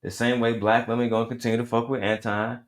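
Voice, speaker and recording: A man's voice: mid-range voice, little pitch movement, quick pace. A man hosting a reaction commentary show, talking bluntly in profane street slang and hammering his points with repetition.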